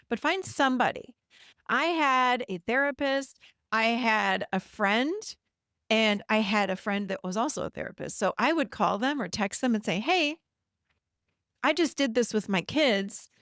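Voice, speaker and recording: A woman's voice: on the high side, no echo. Woman podcast host, middle-aged, direct and encouraging, conversational teaching, dry close-miked sound. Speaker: podcast host and codependency coach. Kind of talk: solo podcast teaching monologue.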